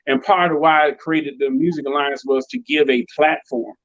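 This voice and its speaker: A man from Chicago tells stories in a relaxed interview and slips into the voices of the people he quotes. His voice sits a little high, and the sound is dry and somewhat dull, as if recorded on a modest mic. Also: moderate pace, dry recording. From Chicago, United States. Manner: animated, acts out quoted voices. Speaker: DJ and producer, interview guest. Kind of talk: casual storytelling interview.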